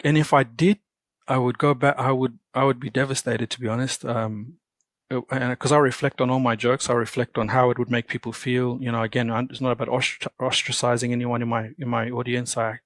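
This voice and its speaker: Animated Australian man telling stories. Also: medium pitch, no room sound. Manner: animated storyteller acting out quoted greetings. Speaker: comedian guest. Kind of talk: casual interview chat.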